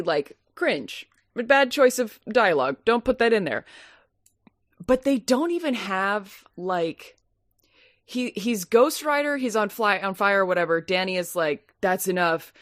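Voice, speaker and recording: A woman co-hosts a movie podcast, rambling and laughing as she dissects a film in a casual review chat. Her medium-pitched voice is expressive and moderately paced, recorded dry with clean studio sound.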